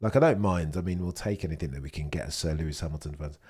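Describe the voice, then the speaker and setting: A man's voice: very deep voice, fast talker, a little mellow, husky. A young man hosting a casual live watchalong stream, chatting and answering viewers' messages as he talks. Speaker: livestream host.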